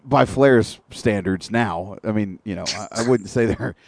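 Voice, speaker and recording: A man's voice: lowish voice, a little slow, vocal fry, a little hiss or hum. A man co-hosting an internet radio show, ranting in casual, profane wrestling talk with long detailed recaps. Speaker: podcast co-host.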